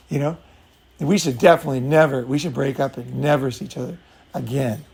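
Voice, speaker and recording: A man's voice: mid-range voice, fairly even intonation, a little fast, creaky, a little mellow, slightly rough. A man talking casually as a dating coach, blunt and profane, acting out both sides of a breakup. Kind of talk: casual talk with acted-out scenes.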